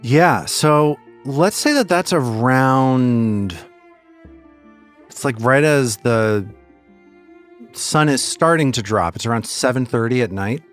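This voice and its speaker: Guy game master narrating a tabletop game, keeps restarting words, soft music under. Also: medium pitch, animated, slow pace, clear, resonant tone. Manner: hesitant, repeats words while narrating.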